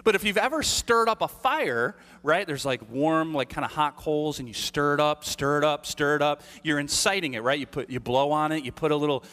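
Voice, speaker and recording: A man's voice: a little high, animated, a little fast, few pauses, a bit bright. A male pastor preaching a conversational, storytelling sermon, often checking in with "right?". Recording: long hall reverb.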